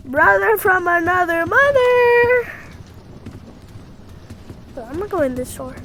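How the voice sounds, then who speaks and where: A woman's voice: very high-pitched, animated, slow, long pauses, noisy background. A woman giving playful let's-play commentary, singing to herself and bursting into shrieks. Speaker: gamer.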